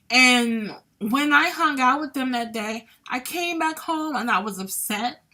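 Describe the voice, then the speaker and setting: A woman hosts a talk show and tells her own stories in a casual way. Her voice is bright and sits a little high. She speaks candidly and comes across as chatty. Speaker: podcast host. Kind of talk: casual personal storytelling. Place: lives in Columbia.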